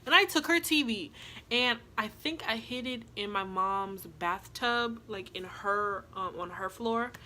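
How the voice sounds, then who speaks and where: A young woman vlogger telling a long story in a casual, animated way and acting out what other people said. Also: medium pitch, measured pace, a little hiss or hum.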